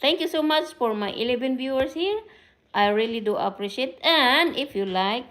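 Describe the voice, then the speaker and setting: A woman's voice: sits high, animated, moderate pace, a bit bright. A middle-aged woman from the Philippines with a Filipino accent, chatting casually to her viewers on a live stream and recording into a camera mic. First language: Tagalog. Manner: chatty, mixes in Tagalog, greets viewers by name. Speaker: vlogger and care worker.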